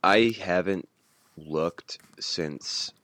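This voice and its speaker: A man co-hosting a casual sports podcast, talking in a blunt, wry way that builds into animated rants. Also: deep voice, extremely slow. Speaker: podcast co-host.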